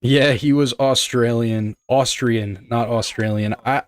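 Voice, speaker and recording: A man's voice: mid-range voice, fairly even intonation, unhurried, clear, resonant tone. A young man chatting loosely with his live chat while speedrunning, rambling and joking and swearing casually as he reads messages. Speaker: streamer.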